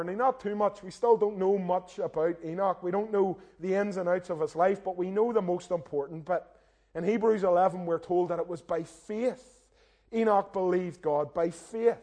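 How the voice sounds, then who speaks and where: High-voiced young minister. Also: male voice, mellow. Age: young adult. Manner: earnest, direct, self-deprecating, often addresses listeners as "guys". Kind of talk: sermon.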